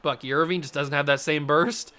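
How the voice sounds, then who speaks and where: A young man calling plays out loud as he plays a football video game, jumping from play-by-play to excited outbursts and chatter with himself. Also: a little high, brisk. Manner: excitable, self-talking, swings between play-by-play and outbursts. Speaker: gaming channel host.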